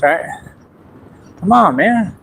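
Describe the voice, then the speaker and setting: Male streamer, slightly high voice, animated ranting, faint hiss in the background. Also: takes it slowly, poor audio. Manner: animated, talks to an absent rival. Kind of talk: casual livestream rant. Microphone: streaming mic.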